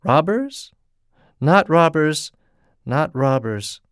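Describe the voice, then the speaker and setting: A man voicing a kind grown man who gently pleads and later gasps in terror. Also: medium pitch, animated, slow pace, smooth, no echo, clean studio sound. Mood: terrified panting. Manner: pleading, then panting and gasping.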